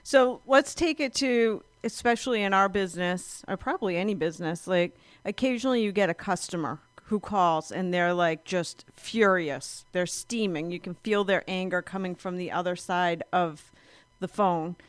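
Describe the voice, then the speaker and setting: A woman's voice: fairly low pitch, moderate pace, clear, resonant tone, dry recording. A woman hosting an interview, asking questions and adding short encouraging replies. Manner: encouraging, frequent brief affirmations. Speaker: interview host.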